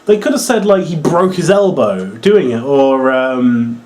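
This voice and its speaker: A young man from England with a Norwich accent, rambling excitedly and swearing as he reviews a wrestling show. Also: medium pitch, measured pace. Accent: Norwich English. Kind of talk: casual video review.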